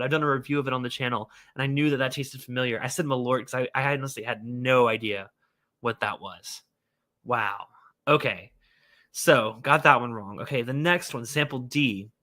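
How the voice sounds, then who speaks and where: Bright-voiced man hosting a whiskey livestream. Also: medium pitch. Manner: animated, self-scolding, exclaims often. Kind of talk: casual livestream chat.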